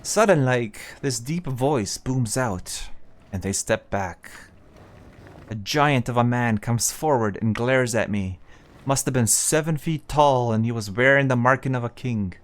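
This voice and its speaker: A man's voice: mid-range voice, unhurried, natural voice. A man voicing a battered, boastful male dwarf warrior from a fantasy game, reading the dialogue aloud in a put-on dwarvish brogue that drops words. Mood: storytelling.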